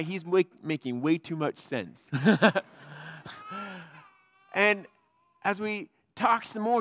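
A man's voice: high-pitched, a bit bright, no echo, clean studio sound. A man preaching a sermon as pastor, telling a personal story in a conversational way with lots of fillers.

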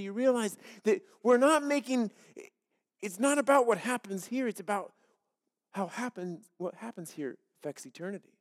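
A man's voice: high-pitched, normal speed, big-room sound. A male pastor giving a sermon, earnest and repetitive, with joke illustrations. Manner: earnest, repeats key phrases, tells jokes as illustrations.

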